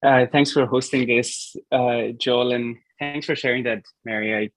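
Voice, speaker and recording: A man's voice: mid-range voice, fairly even intonation, measured pace, no echo, rough recording. Hesitant man, dry close sound. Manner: hesitant, many fillers. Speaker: community builder, town hall guest. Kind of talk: halting panel remarks.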